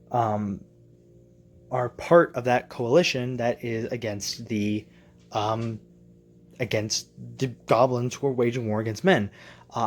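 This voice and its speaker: In a casual home vlog shot in his basement, a man with a mid-range voice plays tabletop game master. He thinks aloud, rambling through his plans and correcting himself as he goes.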